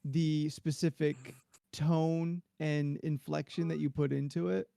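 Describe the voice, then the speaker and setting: Podcast co-host, male, gravelly, a bit high, rambling chat. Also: little pitch movement, unhurried, warm tone, no echo, clean studio sound. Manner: rambling, restarts often.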